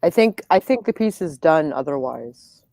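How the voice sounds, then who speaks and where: A woman guest author speaks hesitantly in a low-key manner. Her voice is low and gravelly with a dark tone, and the sound is dry and close. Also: expressive, normal speed, dry recording. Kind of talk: casual chat.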